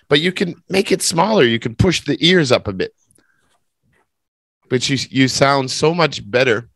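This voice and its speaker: A man's voice: medium pitch, a bit bright, no echo, studio quality. A man teaching English, running a speaking test over a video call with a playful, teasing manner.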